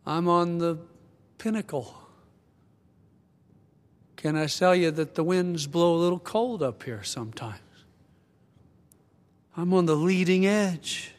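An older man delivers an earnest, reflective sermon, his voice sitting a little high. He slows and softens at tender moments. His words carry a long reverb from a large church hall. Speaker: pastor.

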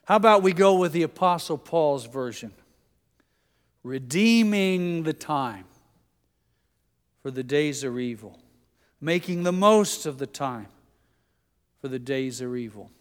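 A middle-aged pastor delivers a storytelling sermon in a fairly high voice. He drops softer when quoting others. His words ring through a church hall with long reverb. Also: lively intonation, a little slow, pauses often, smooth. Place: church sanctuary.

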